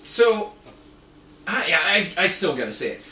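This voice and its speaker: A man's voice: high voice, big pitch swings, measured pace, sharp tone. A man joining a casual podcast chat, teasing and laughing with the others. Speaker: podcast guest. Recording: echoey room, off-mic, faint noise.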